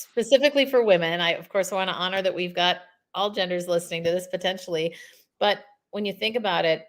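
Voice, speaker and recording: A woman in her fifties, a communication coach, speaking as a podcast guest in an emphatic, energetic way with spoken examples. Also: fairly low pitch. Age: 50s.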